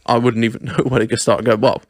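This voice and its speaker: A man's voice: mid-range voice, level tone, quick pace, no room sound, clean studio sound. A man co-hosting a casual podcast, swearing freely, laughing often and rambling through stories. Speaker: podcast co-host.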